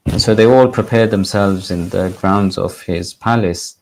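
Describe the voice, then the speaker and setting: A man who is a religious teacher, telling a moral story in a measured, deliberate sermon style. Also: low voice, fairly even intonation, a little mellow, slight background noise.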